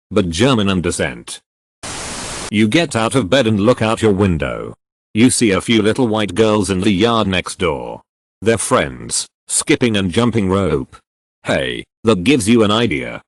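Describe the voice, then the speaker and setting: Deadpan man reading absurd stories. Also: fairly low pitch, no room sound. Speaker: narrator. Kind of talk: reading funny game stories aloud.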